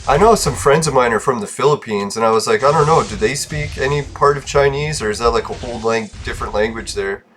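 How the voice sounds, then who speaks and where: A man's voice: mid-range voice, fast talker, few pauses, fairly bright tone, soft background music. A man hosting a gaming channel, chatting casually and rambling, swearing freely and laughing often.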